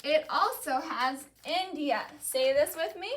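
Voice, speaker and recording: A woman teaching a class, saying each vocabulary word slowly and having the students repeat it back. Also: high voice. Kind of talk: classroom lesson, call-and-response vocabulary drill.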